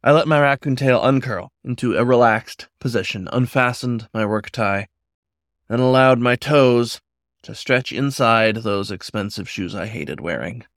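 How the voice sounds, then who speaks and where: A man narrates a first-person story in a measured, reflective manner. His voice sits at a middle pitch. The recording is dry and close, with no room sound. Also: a bit bright, dry recording. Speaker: audiobook narrator.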